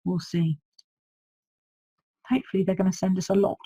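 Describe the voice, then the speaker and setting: This live craft stream features a woman from the UK with a sore throat making cards, chatting and thinking out loud while she reads viewer comments. Her voice is mid-range, dark, husky, and flat at normal speed, on a low-quality recording.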